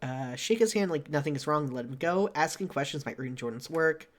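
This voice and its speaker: A male streamer reading a game's narration aloud, steady between bursts of laughter and casual swearing. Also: fairly high pitch, brisk.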